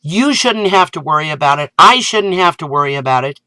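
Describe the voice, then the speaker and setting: A woman vlogger delivering an indignant, sarcastic rant that climbs into loud exasperation. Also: low voice, expressive, a little fast, dry recording. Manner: sarcastic asides. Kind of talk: ranting video commentary.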